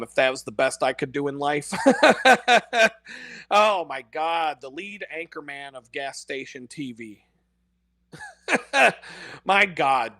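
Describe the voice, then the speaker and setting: A man's voice: a little high, sharp tone, no echo. A man ranting in a casual, profane monologue, cursing constantly and laughing at his own jokes. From United States. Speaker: podcast host.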